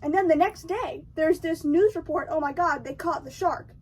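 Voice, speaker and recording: Young female video essayist, high voice, chatty slangy retelling, recorded a bit off-mic. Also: normal speed, a little mellow, far from the mic. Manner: chatty and slangy, acts out characters' lines. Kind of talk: casual film recap.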